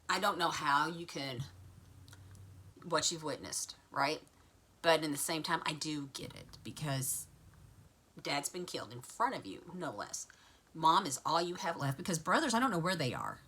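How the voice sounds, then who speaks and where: A woman's voice: deep voice, breathy edge. A woman vlogger casually retelling a TV episode to her viewers, chatty and full of asides. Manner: chatty, lively storytelling with asides.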